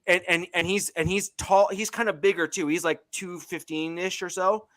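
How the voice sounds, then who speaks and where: Canadian guy talking football, kinda high voice, lots of ums and restarts, dry close sound. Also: steady tone, moderate pace, fairly bright tone, no room sound. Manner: hesitant, many fillers and restarts. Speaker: podcast co-host. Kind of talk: casual sports chat.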